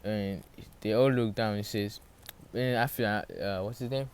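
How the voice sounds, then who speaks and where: A man's voice: fairly low pitch, moderate pace, clean tone. A man casually retelling a fan story with a sore throat, rambling and losing track of names along the way. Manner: rambling, loses track of names, many fillers.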